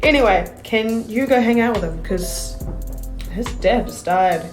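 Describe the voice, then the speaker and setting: A woman's voice: a little high, measured pace. A woman playing a tabletop game, casual and giggly as she talks in character, over background music. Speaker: player.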